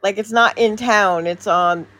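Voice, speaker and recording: A woman's voice: medium pitch, measured pace, bright, forceful tone. A woman chatting casually on a call-in show in an easygoing, chatty way. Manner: easygoing, chatty, laughs often. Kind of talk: casual chat.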